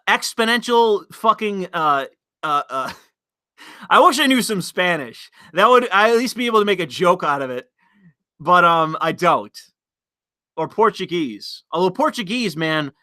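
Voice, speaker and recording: High, bright-voiced man ranting profanely on a stream. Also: dry recording, studio quality. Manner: rambling, profane, deliberately provocative. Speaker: livestream host reading chat. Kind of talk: casual livestream rant.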